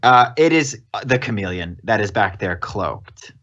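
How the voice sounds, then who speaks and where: A man narrating as game master of a tabletop game on a live stream, relaxed and easily laughing. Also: on the low side, measured pace, highs cut off.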